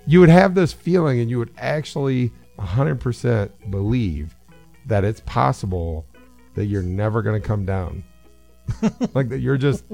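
A man chatting casually, rambling through a story with a gravelly edge to his voice. He acts out the people he quotes, and faint music plays quietly underneath. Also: mid-range voice, lively intonation, moderate pace. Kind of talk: casual chat.

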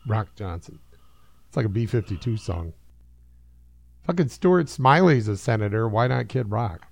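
A man co-hosting a comedic podcast, riffing and swearing freely. His voice has a gravelly rasp at mid pitch and sounds close and dry. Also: lively intonation, normal speed, long pauses, dry recording. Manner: joking, profane, riffs on bits. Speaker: podcast co-host. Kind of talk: casual comedic chat.

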